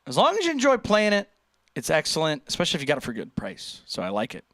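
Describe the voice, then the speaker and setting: A man hosting a casual livestream, chatting in an animated way, joking and reading viewer comments aloud. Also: on the high side, quick pace, no echo, studio quality. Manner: chatty, animated, reads chat aloud and jokes. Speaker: livestream host reacting to viewer posts.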